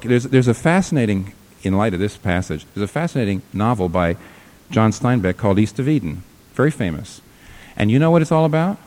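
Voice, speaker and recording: Emphatic preacher man, low-pitched. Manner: emphatic, swings from loud peaks to quiet low lines. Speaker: pastor. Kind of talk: sermon.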